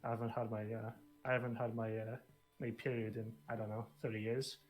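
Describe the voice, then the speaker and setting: A man joking with quick quips while playing a tabletop game in character. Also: on the low side, little pitch movement, a little mellow, soft background music. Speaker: player.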